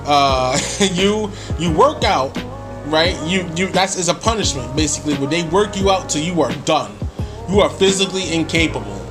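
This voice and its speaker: A man's voice: a little high, expressive, moderate pace. Rambling man telling a story over music. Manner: rambling, many fillers and restarts, chuckling. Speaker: YouTuber. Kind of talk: casual storytelling.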